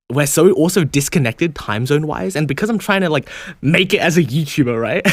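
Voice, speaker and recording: A man's voice: medium pitch, no room sound. A young man with an Australian accent, English not his first language, chatting casually as a guest and laughing often. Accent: Australian, mixed with American and British. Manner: laughing, chatty, many restarts. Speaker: YouTuber and guest. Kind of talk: casual podcast chat.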